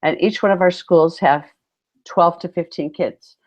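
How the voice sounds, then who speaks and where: Lowish-voiced woman chatting on a podcast, really animated storytelling, muffled sound. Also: a little slow. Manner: animated storyteller, acts out quotes with big exclamations. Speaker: podcast co-host, PE teacher. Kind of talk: casual chat. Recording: muffled lo-fi audio.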